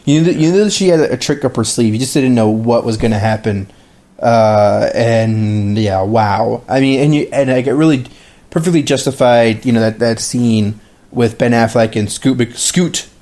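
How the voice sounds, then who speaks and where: A man's voice: medium pitch, darkish tone. A man co-hosting a podcast, chatting casually about films in a rambling way, full of restarts and fillers. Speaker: podcast co-host. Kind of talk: casual film discussion.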